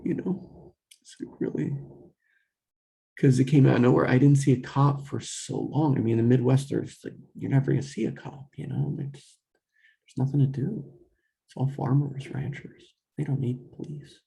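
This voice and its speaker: Man, young adult, gravelly low fry, mellow dark tone, casual rambling storytelling, lots of fillers and restarts. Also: fairly even intonation, normal speed. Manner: rambling, full of fillers and self-corrections; quotes himself and others in dialogue.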